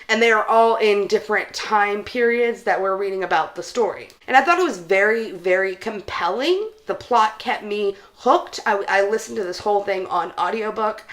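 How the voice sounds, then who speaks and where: A woman's voice: mid-range voice, fairly bright tone. A young woman in a casual, chatty book vlog, talking enthusiastically straight to her viewers. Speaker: book vlogger. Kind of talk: casual book review chat.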